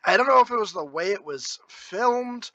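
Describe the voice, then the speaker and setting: A man co-hosting a podcast, making wry, deadpan remarks in a casual movie review chat. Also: sits high, normal speed, no room sound, highs cut off. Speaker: podcast co-host.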